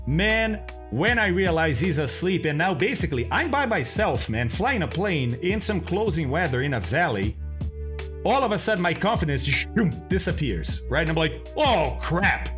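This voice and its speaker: A man's voice: a little high, fairly bright tone. A man, a streamer animatedly commenting on his own talk and laughing often. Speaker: streamer and flight sim host.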